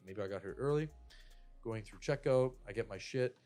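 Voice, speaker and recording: A man's voice: lowish voice, normal speed, darkish tone, faint music behind. A young Canadian man telling a rambling, profane story to friends on a podcast. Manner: rambling, profane, lots of "like" and "I'm like". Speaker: podcast co-host. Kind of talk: casual storytelling among friends.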